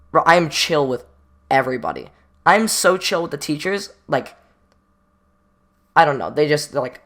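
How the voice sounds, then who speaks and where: A man's voice: a little high, fairly bright tone. A guy spinning a casual storytime in a loose, rambling way. He leans on slang, stops to joke at his own expense, and acts out the quoted lines as he goes. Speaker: storytime vlogger.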